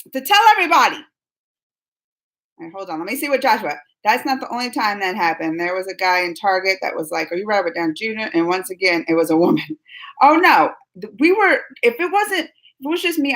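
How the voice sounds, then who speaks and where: A young woman hosting a live stream, excitedly retelling a fan encounter in casual chat, full of quoted dialogue and squeals. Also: mid-range voice, a little fast, rough recording. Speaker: livestream host.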